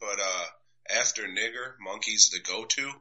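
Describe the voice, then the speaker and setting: A man's voice: lowish voice, normal speed, sharp tone, slightly rough, dull audio. A man in his thirties from the United States hosting a casual podcast chat, crude and mocking, swearing freely. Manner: crude, profane, mocking, acts out quoted voices. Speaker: podcast host.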